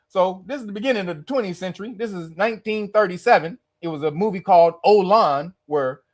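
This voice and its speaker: A man's voice: high-pitched, brisk. A man hosting a podcast, ranting in casual commentary with lots of profanity and frequent laughter. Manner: animated, profane, laughs often while ranting. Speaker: podcast host.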